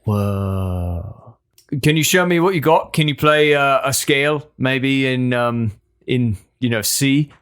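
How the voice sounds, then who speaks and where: Deadpan, mock-serious man co-host. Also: medium pitch, slow, clean tone. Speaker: podcast co-host. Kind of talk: casual comedic chat.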